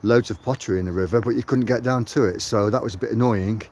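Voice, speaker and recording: A man's voice: lowish voice, fast, darkish tone, slight background noise. An English man walking outdoors through a churchyard and chatting cheerfully to live viewers, greeting them by name, a little out of breath. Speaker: vlogger on a live walk. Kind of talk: casual live-stream chat.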